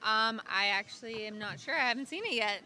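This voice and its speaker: A woman's voice: on the high side, animated, a little fast, bright, forceful tone. A woman speaking in a casual outdoor interview at a festival, friendly and a bit tentative.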